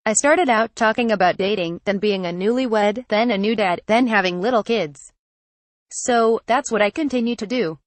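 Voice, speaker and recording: Flat synthetic woman reading news. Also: medium pitch, moderate pace, dry recording. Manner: flat read-out, reads photo credits and punctuation aloud. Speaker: news reader. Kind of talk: text-to-speech article reading.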